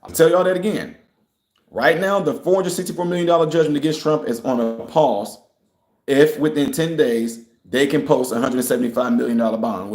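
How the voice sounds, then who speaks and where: A man's voice: medium pitch, darkish tone, roomy sound. A man hosting a casual news commentary, reading headlines aloud and then talking straight to viewers in a loose, conversational way. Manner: conversational with fillers and restarts, casual phrasing.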